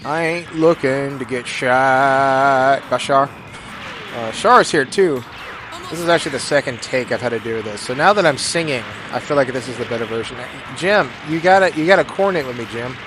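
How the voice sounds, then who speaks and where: A man giving rambling, jokey gameplay commentary, with sudden loud bursts of excitement. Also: mid-range voice, fast, background noise. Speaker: gaming YouTuber. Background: game music.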